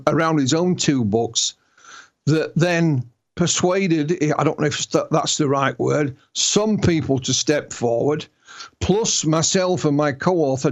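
A man with a Yorkshire accent, an author telling stories as a guest in an interview, often restarting his words. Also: a little high. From Yorkshire, England. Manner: storytelling, repeats and restarts words. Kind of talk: interview conversation.

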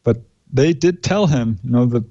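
A man being interviewed as an author, recounting the cases he researched in a steady, matter-of-fact way with many "uh" fillers. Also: mid-range voice, normal speed, muffled recording. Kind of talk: conversational interview.

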